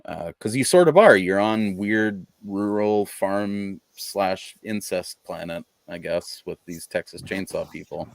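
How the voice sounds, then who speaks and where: A man's voice: low voice, measured pace, vocal fry, few pauses, no echo. A man co-hosting a podcast in casual chat, laid-back and rambling, swearing freely. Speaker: podcast co-host.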